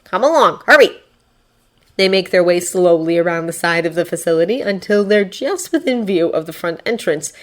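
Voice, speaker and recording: A woman narrating fiction as an audiobook, expressive and voicing characters. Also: fairly low pitch, brisk, few pauses. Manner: expressive, acting out voices. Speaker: fanfiction reader.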